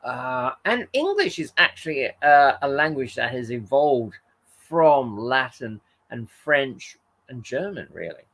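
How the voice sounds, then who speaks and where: A man's voice: mid-range voice, very animated, takes it slowly, a bit bright. Rambling, tired man hosting a live chat. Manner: rambling, hesitant, with frequent fillers and self-corrections. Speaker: livestream host reading viewer comments. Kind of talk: casual chat.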